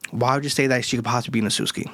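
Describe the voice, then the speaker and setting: A man hosting a casual manga chapter review, excitable and slangy with hype outbursts. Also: mid-range voice, racing, no room sound, studio quality. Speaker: anime reviewer, channel host.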